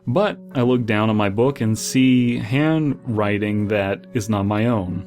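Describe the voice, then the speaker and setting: A man's voice: on the low side, slow, a little mellow. A man reading a horror story aloud and breaking off into sarcastic, exasperated commentary full of fillers. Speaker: horror story reader and critic. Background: faint background music.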